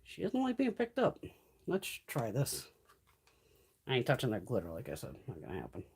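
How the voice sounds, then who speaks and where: Husky-voiced woman chatting on a makeup livestream. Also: a bass voice, huge pitch swings, normal speed, a little mellow. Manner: chatty and salty, swears freely; coos in baby talk at her cats. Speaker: beauty livestream host. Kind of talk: casual livestream chat. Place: at home.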